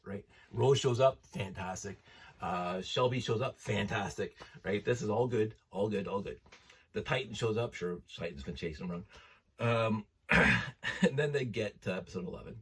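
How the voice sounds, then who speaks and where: A man in his fifties, talking loosely and excitedly, with a husky, fairly low voice. He circles back on himself, laughs often and piles on the enthusiasm. He sits a bit back from the mic. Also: far from the mic. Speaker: host. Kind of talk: casual chat.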